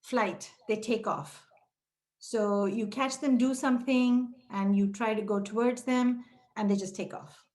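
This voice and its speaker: A middle-aged woman with a somewhat high voice runs a training webinar for childcare center leaders. She speaks straight to her audience with direct encouragement. She often slips into quoted dialogue to act out classroom moments. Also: steady tone, measured pace, a little mellow. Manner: breaks into quoted dialogue with raised pitch. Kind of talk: webinar teaching talk.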